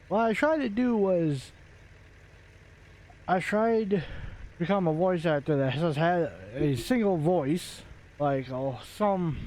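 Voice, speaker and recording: A man's voice: a little high, darkish tone. A man chatting casually while he plays a game, rambling with many fillers and restarts, into a desk microphone. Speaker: gaming video creator.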